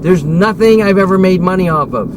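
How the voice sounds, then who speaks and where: High-voiced man ranting angrily. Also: a little fast. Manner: agitated, profane, rambling and repetitive. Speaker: vlogger. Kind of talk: unscripted rant to camera. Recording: noisy recording with vehicle sounds.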